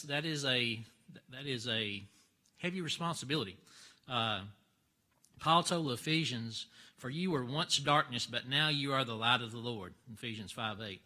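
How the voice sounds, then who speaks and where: A man teaching a church Bible class, folksy and halting, full of fillers and restarts. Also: mid-range voice, sharp tone. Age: older.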